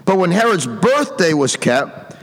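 Preacher with a raised voice, reverberant hall. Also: male voice, high voice, sing-song, measured pace, fairly bright tone. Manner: reads King James verses aloud, then comments emphatically. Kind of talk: sermon with scripture reading.

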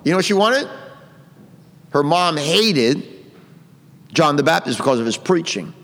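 A man delivers a sermon, his fairly high voice carrying through a hall with long reverb. He reads King James scripture aloud, then breaks off to drive the point home with emphatic commentary. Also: sing-song, a little slow, vocal fry. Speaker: preacher.

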